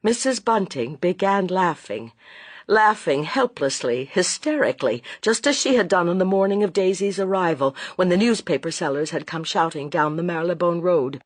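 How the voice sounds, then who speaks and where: An expressive narrator reading a classic suspense novel with a lively, dramatic rise and fall. The voice is husky and breathy, and the recording is close and dry. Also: medium pitch, normal speed, no echo. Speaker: audiobook narrator.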